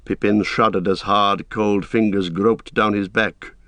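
Man, audiobook narration, low voice, steady, measured, dry close mic. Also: no room sound. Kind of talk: scripted narration.

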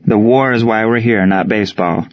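A man voicing a steady, plain-spoken army-era baseball coach. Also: on the low side, moderate pace, natural voice. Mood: calm. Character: gruff, steady male wartime baseball coach. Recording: slightly dull lo-fi recording.

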